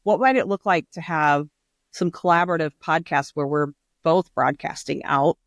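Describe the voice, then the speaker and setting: A woman's voice: sits low, moderate pace, no room sound, studio quality. A woman co-hosting a podcast in casual chat, rambling and chatty, laughing often. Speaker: podcast co-host.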